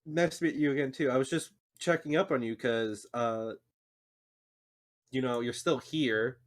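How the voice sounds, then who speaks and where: A man's voice: medium pitch, steady tone, measured pace. A man playing a tabletop game, answering in character, hesitant and laid-back. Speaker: player.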